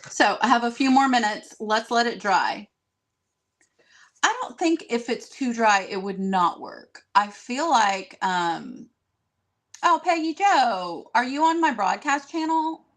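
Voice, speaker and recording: A woman hosting a live craft stream, chatty and excitable, talking straight to her viewers. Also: a little high. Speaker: DIY craft host.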